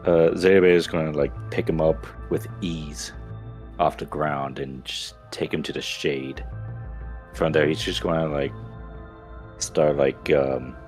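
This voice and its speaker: Male player, very low voice, loose and filler-heavy, faint music behind. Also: steady tone, takes it slowly, darkish tone. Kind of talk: casual tabletop play.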